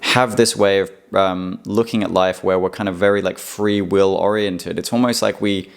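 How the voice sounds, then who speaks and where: Casting note: man, lowish voice, rambling reflective solo monologue. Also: steady tone, moderate pace, vocal fry, clear, resonant tone. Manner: rambling, reflective, many fillers and restarts. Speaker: vlogger. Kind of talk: casual personal monologue.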